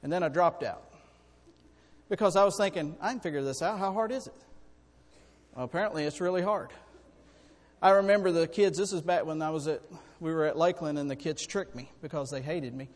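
A man preaching a sermon, folksy and animated, telling personal stories. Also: fairly high pitch, a little fast. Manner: folksy, animated storytelling with sudden loud bursts. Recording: long hall reverb.

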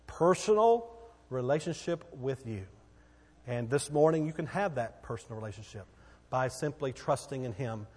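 A middle-aged man from Texas, preaching a sermon with emphatic, repeating preaching cadence in a church. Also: a little high. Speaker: pastor. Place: church sanctuary. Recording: long reverb of a church hall.

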